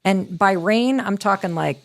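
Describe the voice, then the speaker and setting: A middle-aged woman, a guest author, telling a personal story in a lively, candid way on a podcast interview, with casual swearing. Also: mid-range voice, unhurried, creaky.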